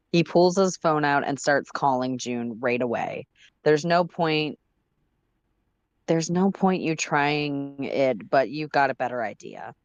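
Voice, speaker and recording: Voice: medium pitch, dry recording. A livestream co-host reading a fan story aloud in second person, casually breaking off to laugh and chat. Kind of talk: casual read-aloud narration with chatty asides.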